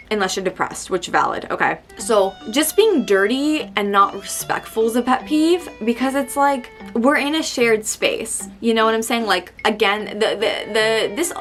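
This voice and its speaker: A young woman vlogging in a casual ranting monologue, animated and exasperated, repeating herself for emphasis. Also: fairly high pitch.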